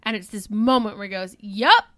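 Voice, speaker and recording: A woman's voice: a little high, moderate pace, dry recording, clean studio sound. A woman co-hosting a casual movie discussion podcast, talking with enthusiasm. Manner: enthusiastic, animated. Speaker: podcast co-host.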